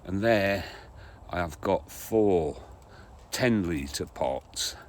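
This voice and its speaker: A man talks in a low, unhurried voice, chatting to his viewers in a homely way. He has a head cold and sounds a little sniffly. He films on a phone outdoors on a frosty day, with a faint hiss of outdoor ambience behind him. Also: animated. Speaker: gardening vlogger. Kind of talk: casual vlog chat. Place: outdoors at an allotment on a frosty day, later in a car.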